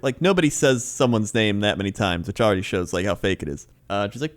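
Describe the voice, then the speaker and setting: A man's voice: mid-range voice, expressive, fast talker, hardly any pauses, fairly bright tone. A man co-hosting a podcast, telling a story in casual chat, mimicking voices and laughing often. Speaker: podcast co-host.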